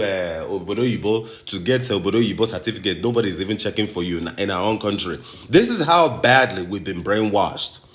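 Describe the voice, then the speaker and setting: A Nigerian man delivers a passionate commentary with a bright, forceful tone. His pitch swings widely as he repeats phrases and presses each point like a sermon. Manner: impassioned, rhetorical, preachy, repeats phrases for emphasis. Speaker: host.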